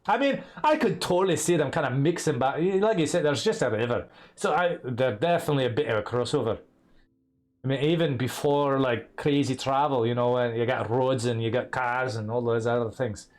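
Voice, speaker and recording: A man's voice: mid-range voice, fairly quick. A man streaming a game, chatting casually and swearing a lot in a put-on Scottish accent. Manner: chatty, profane, jokey. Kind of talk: casual gameplay commentary.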